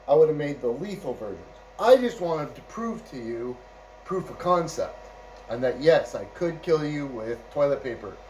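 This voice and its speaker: A man's voice: a little high, a little mellow, distant mic, slight background noise, rough recording. A man telling a casual, rambling anecdote, chuckling often and checking in with "right?" and "you know". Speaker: storyteller.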